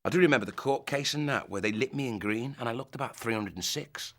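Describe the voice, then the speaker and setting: A man in an interview recalling filming in a quick, self-mocking way. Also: mid-range voice, a bit bright. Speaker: actor interviewee. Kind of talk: interview reminiscing.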